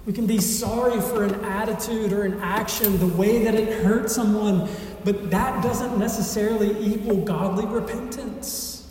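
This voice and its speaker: A man reading scripture aloud and then preaching an earnest sermon as pastor, with emphatic delivery and dramatic pauses. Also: high-pitched, steady tone, darkish tone. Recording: echoey hall, voice from far off.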